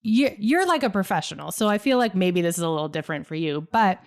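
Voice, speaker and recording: Woman, podcast guest and creative coach, bright and eager in casual talk. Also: fairly low pitch, animated. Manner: enthusiastic, quick laughs.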